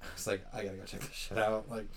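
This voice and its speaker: A man's voice: lowish voice, completely flat delivery, quick pace, vocal fry. A young man co-hosting a podcast in casual chat, rambling and swearing often with frequent laughs. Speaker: podcast co-host.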